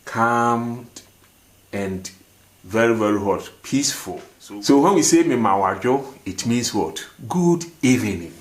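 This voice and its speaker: A man's voice: medium pitch, lively intonation, a little slow. A man, hosting a language lesson. He repeats phrases and keeps asking rhetorical "what?" questions before he gives the answer. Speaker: language teacher, show host. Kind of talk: language lesson, slow and repetitive.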